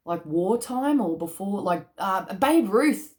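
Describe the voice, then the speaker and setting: A woman doing a casual tarot card reading, chatty and excitable, with casual slang and bursts of laughter. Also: medium pitch, slow.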